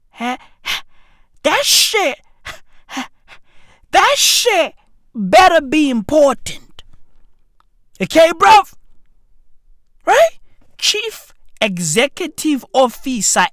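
A woman's voice: sits high, a bit bright, no room sound, studio quality. A woman delivering a profane, exasperated comedic rant full of slang. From South Africa. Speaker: comedian ranting to camera.

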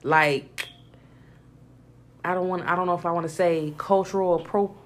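A woman's voice: lowish voice, fairly even intonation, normal speed. A woman co-hosting a casual chat, telling anecdotes in a profane way and often saying "you know what I'm saying".

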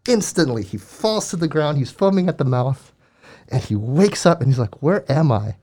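A man's voice: a little high, normal speed. A man earnestly telling a faith story in casual conversation, acting out the quotes. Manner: earnest, animated retelling with acted quotes. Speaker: guest telling a ministry story.

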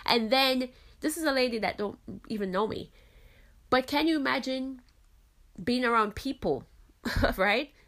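This earnest woman from the Caribbean islands hosts a faith-based podcast, speaking reflectively and saying "you know" a lot. Her high-pitched, fairly bright voice moves unhurriedly, with frequent pauses.

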